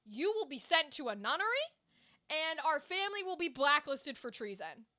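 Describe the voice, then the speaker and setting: A woman's voice: high voice, sing-song, normal speed, pushed and bright, full character voice. A woman voicing a blunt, protective brother who warns his sister bluntly. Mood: warning.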